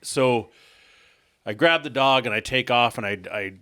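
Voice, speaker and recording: A man's voice: mid-range voice, measured pace, bright, forceful tone, clear, resonant tone, no echo. A man co-hosting a casual podcast, telling a long rambling story and laughing at his own punchlines. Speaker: podcast co-host.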